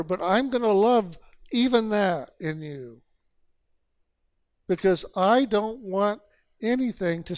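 A man with a fairly high voice delivers a spiritual sermon at a slow, deliberate pace. He urges his listeners with repeated phrases and rhetorical questions. The sound is dry and close. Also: a little mellow, no echo. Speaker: spiritual teacher.

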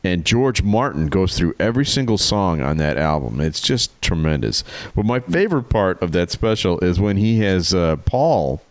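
A man's voice: low voice, sing-song, moderate pace, dry recording. A man co-hosting a podcast, telling wry jokes and stories in casual chat. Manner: joking, wry storyteller. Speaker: podcast co-host.

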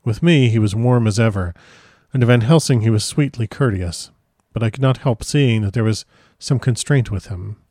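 A man reading a first-person literary story aloud in a measured, solemn manner. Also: medium pitch, darkish tone, no echo, studio quality. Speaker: audiobook narrator.

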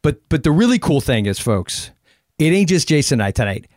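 A man hosting a podcast in loose, joking chat. His voice sits a little high and moves around a lot. The sound is dry and close. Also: sing-song, brisk, a little mellow, no echo. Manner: joking, rambling, lots of restarts. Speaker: podcast host. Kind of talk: casual chat.

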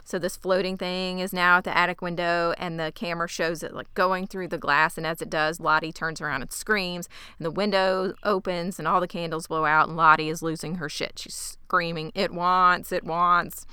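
A woman casually recapping a TV episode with quick asides and some swearing. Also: on the low side, fairly even intonation, sharp tone, clear, resonant tone, dry recording, studio quality.

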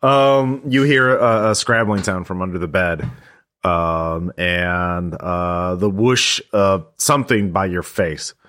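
A man narrating a tabletop horror game as game master, describing scenes haltingly with many fillers. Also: sits low, fairly even intonation, fairly bright tone.

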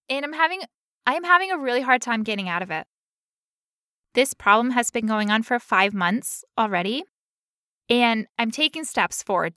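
A woman's voice: fairly high pitch, bright, forceful tone, dry recording, studio quality. A young woman co-hosting a podcast, talking candidly and emotionally, with frequent laughs. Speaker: podcast co-host. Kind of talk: personal, emotional podcast talk.

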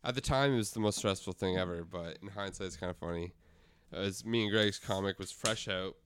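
A man with a lowish, smooth voice tells a story in an easygoing, casual way, tripping over a word now and then. The sound is dry and close to the mic. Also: a little fast, a bit bright, no room sound. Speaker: podcast co-host. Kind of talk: casual chat.

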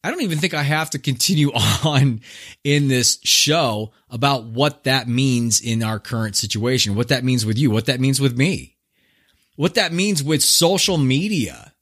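A male podcast host in a mid-range voice tells an old fable as a laid-back, slangy monologue. His pitch swings up and down as he animates the story. He cracks jokes as he goes. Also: animated, normal speed, a bit bright.

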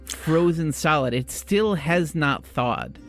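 A man's voice: a little high, animated, a bit bright, faint music behind, full character voice. A man voicing a hesitant, matter-of-fact male mortician who repeats himself and halts mid-sentence. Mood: measured. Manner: halting, repeats his words.

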